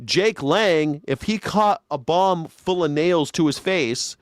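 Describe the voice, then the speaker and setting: A man hosts a live news reaction stream in casual political commentary, sarcastic and rambling, often stumbling and restarting. His voice sits a little high for a man and sounds close and dry. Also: slow, no echo.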